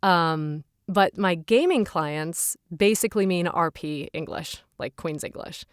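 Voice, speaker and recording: A chatty woman, a voice actor, talks casually in a podcast interview and laughs often. Her voice sits a little low. The sound is close and dry, with no room echo. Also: a little slow, clear, resonant tone. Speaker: professional voice actor, podcast guest.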